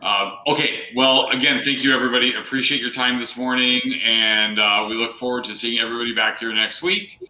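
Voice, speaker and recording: A man at a middle pitch hosts a webinar in a relaxed way. His voice rings in a roomy space. Clear background noise sits under it. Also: fairly quick, few pauses, lo-fi sound. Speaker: host. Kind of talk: webinar hosting.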